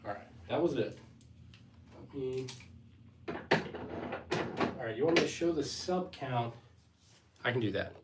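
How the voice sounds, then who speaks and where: A man's voice: medium pitch, animated, slow, long pauses, very noisy. A young man hosting a casual live Q&A stream, laid-back and hesitant, reading out viewer questions and thanking people as he goes. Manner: laid-back, hesitant, lots of fillers and shrugging asides; reads chat aloud and thanks viewers. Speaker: livestream host.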